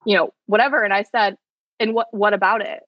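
A woman, an attorney, telling stories in a fast, animated way, with lots of "like", as a guest in a casual podcast chat. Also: medium pitch, dry recording, muffled recording. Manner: fast, animated storytelling full of "like".

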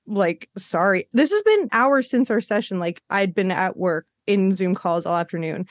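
A woman hosting a casual podcast chat, telling animated stories and acting out what people said, often laughing as she goes. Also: medium pitch, moderate pace, dry recording, studio quality. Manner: animated storyteller, acts out quotes with laughs. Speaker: podcast host.

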